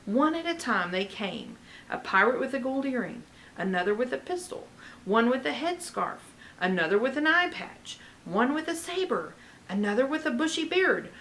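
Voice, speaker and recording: A woman reading a children's chapter book aloud with expressive delivery and chatty asides. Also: fairly high pitch, a little hiss or hum, poor audio. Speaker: reader.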